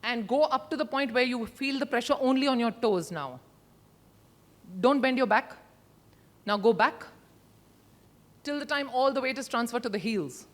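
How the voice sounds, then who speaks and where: A woman's voice: fairly high pitch, moderate pace, pauses often. A middle-aged woman leads an interactive workshop talk, leaning hard on certain words and shaping her voice to show what she means. Her voice rings out through a large conference hall with a long reverb. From India. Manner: expressive, emphatic, demonstrates with her voice. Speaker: conference speaker.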